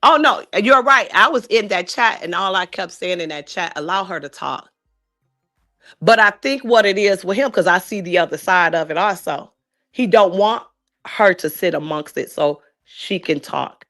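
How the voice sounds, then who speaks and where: A woman giving her opinions on a live stream discussion, making emphatic, repetitive points at a deliberate pace. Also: mid-range voice, a bit bright. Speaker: guest commentator.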